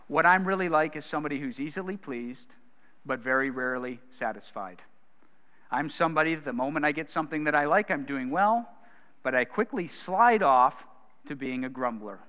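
A man's voice: on the high side, expressive, moderate pace, sharp tone. A male pastor preaching a sermon in an earnest, conversational way, asking his listeners questions. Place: church hall. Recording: long hall reverb.

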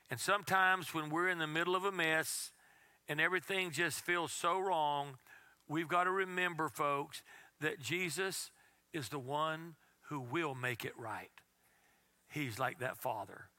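A man preaching a sermon as pastor, telling a story in a conversational way and dropping to a soft, intense tone. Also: on the high side, unhurried, no echo.

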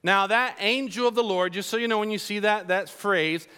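A man preaching a sermon in an animated, storytelling way, with folksy asides. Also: high-pitched, moderate pace, clear, resonant tone.

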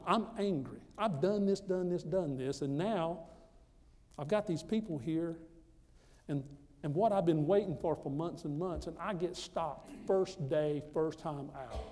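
A man's voice: fairly high pitch, dark tone, big-room sound. A man from the United States telling a personal testimony in a storytelling sermon, emphatic and repeating phrases for effect. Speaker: preacher giving a testimony.

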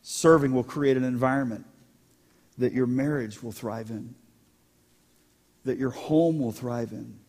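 A pastor preaching a sermon, animated and joking with his congregation. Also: mid-range voice, measured pace, pauses often. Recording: long hall reverb.

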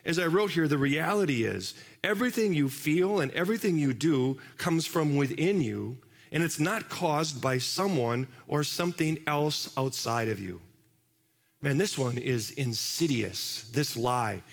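Conversational preacher, slightly high voice. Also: male voice, animated, unhurried, vocal fry. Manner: conversational, asks the congregation questions. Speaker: pastor. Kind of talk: sermon. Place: large church hall. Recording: long hall reverb.

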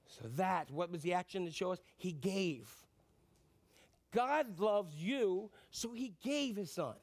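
A man's voice: sits high, lively intonation, slow. A middle-aged male pastor preaching a sermon in a conversational way, repeating phrases and asking the congregation questions.

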